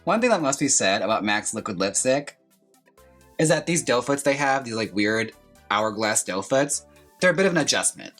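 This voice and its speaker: Husky-voiced campy drag queen vlogger. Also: mid-range voice, big pitch swings, normal speed, fairly bright tone, soft background music. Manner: chatty, campy, theatrical asides. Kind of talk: casual makeup tutorial chat.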